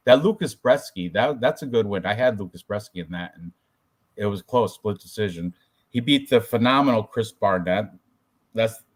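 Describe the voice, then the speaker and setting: A man hosting a casual podcast about fight predictions, talking loosely with crude jokes and banter. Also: medium pitch. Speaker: podcast host.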